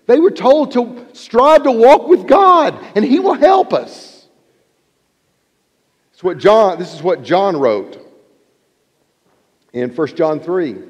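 A man's voice: sits high, very animated, normal speed, a little mellow, long reverb tail. A man preaching a sermon as pastor, emphatic and quoting scripture at length.

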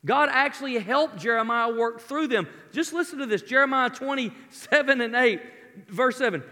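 A man preaching a sermon with impassioned rises and soft, intimate drops. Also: extremely high pitch, big pitch swings, moderate pace. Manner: impassioned, rising to near shouting then dropping to a soft intimate tone. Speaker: pastor. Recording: long hall reverb, preaching in a large room.

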